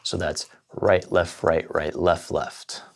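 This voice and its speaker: A man's voice: low-pitched, flat delivery, slow, gravelly, very noisy. A man teaching a drum lesson, explaining sticking patterns step by step and counting beats aloud. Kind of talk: casual lesson.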